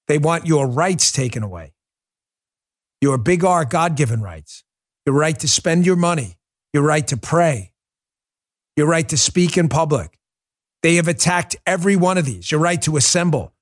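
Middle-aged male talk host, high-pitched, forceful ranting monologue style. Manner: forceful, ranting, emphatic repetition. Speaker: political talk show host. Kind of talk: heated political monologue.

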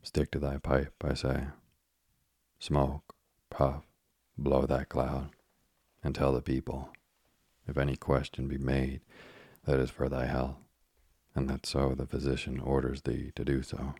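A man's voice: extremely low pitch, monotone, measured pace, vocal fry, darkish tone, breathy edge, no echo, clean studio sound, full character voice. A man voicing a doting old witch woman in an audiobook, speaking in fond, archaic phrasing.

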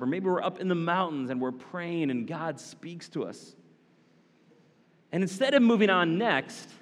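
A man preaching a sermon as a pastor, animated, with casual asides to the congregation. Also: fairly high pitch, big-room sound.

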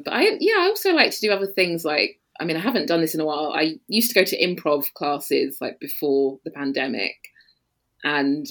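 A woman from London with a London English accent, chatting as a podcast guest, laughing often and filling pauses with "um" and "you know.". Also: deep voice, a bit bright. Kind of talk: casual interview chat.

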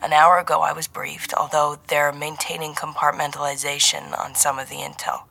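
A woman voicing a wry, fatherly male agency handler who speaks mildly and drops to a hush. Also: low-pitched, flat delivery, moderate pace, creaky, slightly rough, heavily acted. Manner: mild, teasing, then hushed and serious.

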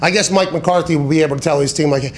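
Male sports-talk host, slightly high voice, emphatic and foul-mouthed, faint background noise. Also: fast talker. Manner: profane, animated, emphatic; tangents and self-corrections.

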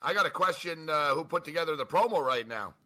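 A man co-hosting a sports podcast in a bright, forceful voice that sits a little high. He talks fast and animatedly and often pokes fun at himself during casual chat. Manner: animated, self-mocking, quick talker. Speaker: co-host.

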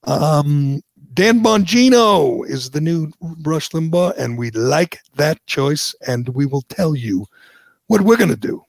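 Male podcast host, gravelly, teasing and blunt, dry studio sound. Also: fairly high pitch, lively intonation, unhurried, dry recording. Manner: blunt, teasing, rambling with fillers. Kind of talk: casual chat.

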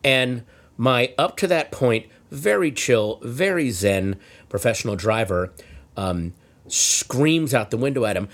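Animated male storyteller. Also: mid-range voice, takes it slowly. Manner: animated storytelling, shouts out quoted lines. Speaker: storyteller guest. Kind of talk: comic anecdote in casual chat.

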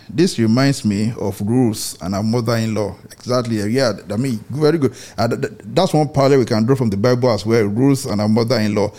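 A man's voice: mid-range voice, a little mellow. A man leading an online Christian reading group, talking reflectively with many fillers and restarts. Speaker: book club leader. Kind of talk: online Bible study discussion.

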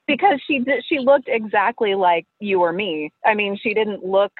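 A woman's voice: mid-range voice, slow pace, breathy edge, no echo. Woman telling a story over a tinny phone line. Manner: animated, laughs often. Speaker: listener caller.

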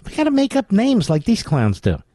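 A man's voice: sits high, huge pitch swings, normal speed, mellow, dry recording. A man hosting a political talk radio show, delivering sarcastic, combative commentary.

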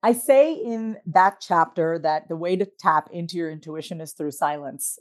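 A woman guest on a podcast, speaking in a reflective, measured way as she explains her ideas. Her voice sits at a middle pitch for a woman. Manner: reflective, explains in a steady teaching way. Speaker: podcast guest, therapist and author. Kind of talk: casual interview talk.

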